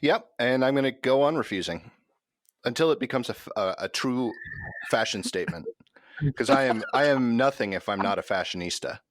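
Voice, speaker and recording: A man's voice: medium pitch, expressive, brisk, dry recording, studio quality. A man in his forties co-hosting a podcast, bantering playfully with self-mocking jokes. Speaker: podcast co-host. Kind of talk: casual chat.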